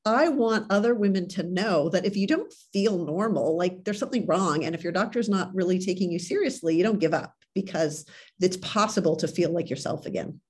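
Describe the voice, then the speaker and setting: A woman's voice: on the low side, fairly quick, husky. Earnest woman doctor on a podcast. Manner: earnest, conversational, fond of "like" and "right". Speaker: guest doctor. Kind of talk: casual podcast interview.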